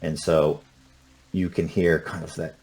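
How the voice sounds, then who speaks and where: A man running a tabletop horror game as game master. His voice is very low, and his narration stays hushed and unhurried, often restarting mid-phrase. A faint music bed runs beneath him. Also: little pitch movement.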